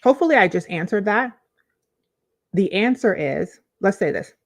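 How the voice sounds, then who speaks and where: Woman life coach, talking to camera, lively, repeats key phrases. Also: mid-range voice, moderate pace. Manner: animated, conversational, repeats phrases for emphasis. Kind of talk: direct-to-camera coaching talk.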